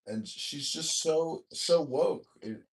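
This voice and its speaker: A podcast host who is also running for mayor speaks in a slightly high voice at a slow pace. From the Chicago area of the US, he leads a crude, casual political chat in an online voice room, blunt, profane and prone to ranting.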